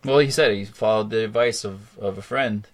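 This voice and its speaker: A middle-aged man hosting a casual movie chat, excitable and rambling. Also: lowish voice, normal speed. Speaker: podcast host.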